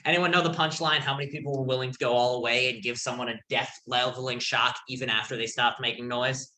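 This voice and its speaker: A man's voice: medium pitch, fairly even intonation, fast talker, bright, forceful tone, a little hiss or hum. A man lecturing a college class in a casual, storytelling way, with lots of fillers. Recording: echoey classroom.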